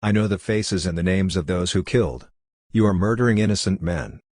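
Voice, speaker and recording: A man's voice: low-pitched, a little fast, darkish tone, no echo, studio quality. A man reading the part of a distraught young male thief on death row, pleading and desperate.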